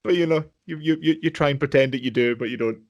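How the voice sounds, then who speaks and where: A man's voice: medium pitch, fast, darkish tone, highs cut off. A man hosting a podcast, chatting in a loose, rambling way full of fillers. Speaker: podcast host. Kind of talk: casual chat.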